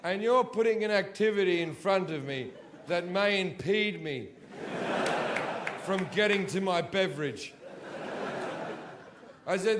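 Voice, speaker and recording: A middle-aged man with a high-pitched voice tells brash, profane stories on a comedy stage and breaks into shouted punchlines. His handheld mic is live, with plenty of room noise and audience laughter in the mix. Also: animated, unhurried, long pauses. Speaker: stand-up comedian. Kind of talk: stand-up storytelling. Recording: live show audio with loud audience laughter.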